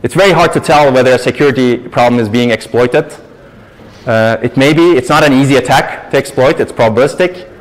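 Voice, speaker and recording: A male lecturer talks through his material with emphatic explanations at an ordinary middle pitch. He fields audience questions in a lecture hall. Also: fairly quick. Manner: explanatory, emphatic, leans on "actually".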